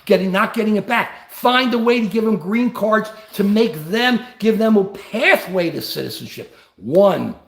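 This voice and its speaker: A man's voice: high-pitched, animated, moderate pace, creaky, hardly any pauses, a bit bright, roomy sound. An older man hosting a live stream, talking politics and answering viewer comments with passion. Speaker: livestream host.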